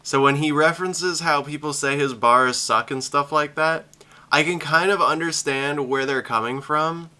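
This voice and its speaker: A man's voice: a little high, moderate pace, sharp tone. A man streaming a reaction to a music video, chatting casually, laughing often and rambling with restarts.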